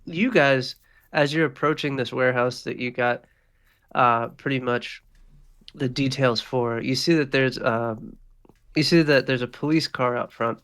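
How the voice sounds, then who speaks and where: Casual, swearing game master. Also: male voice, medium pitch, steady tone, a little slow, fairly bright tone, clean tone. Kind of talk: narrating a tabletop game.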